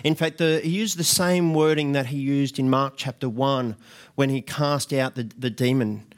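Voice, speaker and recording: A man's voice: mid-range voice, steady tone, moderate pace, clear, resonant tone. Guy preaching, earnest, mid voice, keeps repeating words and starting over. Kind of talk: sermon.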